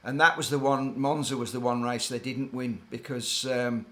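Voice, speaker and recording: A man's voice: medium pitch, fairly even intonation, moderate pace, pushed and bright. Older guy telling old racing team stories, rambly and hesitant, keeps going off on tangents. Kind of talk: casual anecdotal storytelling.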